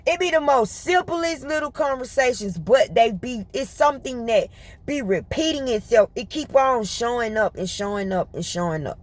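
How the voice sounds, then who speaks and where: Woman, fairly high voice, casual storytelling vlog, colloquial, quick bursts, laughs a lot. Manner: animated, colloquial, laughs often; talks fast, in bursts. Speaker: vlogger.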